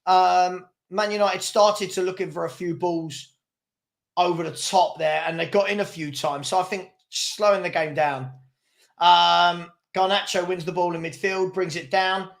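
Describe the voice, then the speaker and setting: A young watchalong host gives live commentary on a football match and vents at his chat. He has a high, creaky voice with a steady tone and a slightly slow pace.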